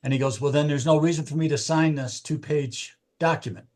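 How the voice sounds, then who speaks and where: A man's voice: on the high side, fairly even intonation, a little fast, darkish tone. A man who works as a real estate agent, telling his team about a client and acting out both sides of their talk. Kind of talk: casual storytelling in a meeting.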